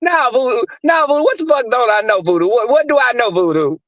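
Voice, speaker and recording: A man imitating a loud, sassy woman who demands that a friend repeat himself, in a high, shrill voice. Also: expressive, quick pace, no room sound. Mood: demanding. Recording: dry muffled recording.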